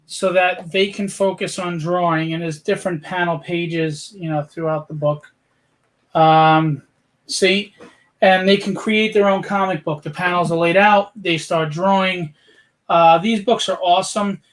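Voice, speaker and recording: Male co-host, high voice, teasing, casual banter. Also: steady tone, measured pace. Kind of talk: casual livestream chat.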